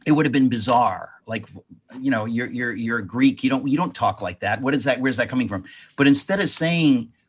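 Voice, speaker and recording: A husky-voiced man recounts a family memory as an interview guest. He rambles and often restarts his sentences as he goes. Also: medium pitch, a little fast. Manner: rambling, self-correcting anecdotes. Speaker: author guest. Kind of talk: storytelling in an interview.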